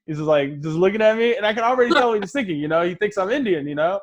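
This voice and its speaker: Profane high-voiced comedian in his thirties. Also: expressive, very fast, highs cut off. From Los Angeles. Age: 30s. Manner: casual, profane storytelling with acted-out voices. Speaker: stand-up comedian. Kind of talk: stand-up set. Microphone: video call.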